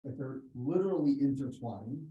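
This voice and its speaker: A man's voice: medium pitch, animated, warm tone, roomy sound, highs cut off. A man in the class asking a question and thinking it through aloud. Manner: thinks aloud in halting, unfinished phrases. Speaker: student in the class.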